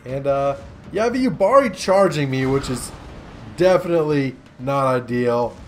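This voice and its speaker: A man's voice: medium pitch, expressive, a little slow, faint music behind. A young man giving casual, rambling gameplay commentary with sarcastic jokes and asides. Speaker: gaming commentator.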